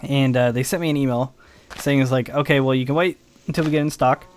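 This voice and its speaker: Yawning and worn out, a young gaming video host rambles through a story as he plays, animatedly mimicking both people in the exchange. He talks fast in a mid-range voice that is clear and resonant.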